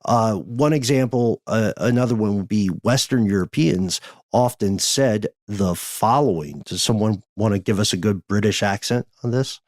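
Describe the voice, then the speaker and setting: Male podcast host, deepish voice, measured and wordy, dry studio sound. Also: a little mellow, no echo. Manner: measured, wordy, explanatory with filler uhs. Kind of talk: casual podcast chat.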